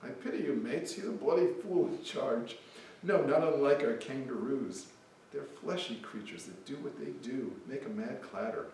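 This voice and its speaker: A man's voice: medium pitch, animated, moderate pace, few pauses, a little mellow, pitched above the performer's own voice, close to an everyday voice. An exasperated Australian bloke scolds with mocking emphasis, as a man reads him aloud. The voice sits mid-range and carries a heavily echoing hall, picked up from far off, with faint room noise. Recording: echoey hall, mic from afar.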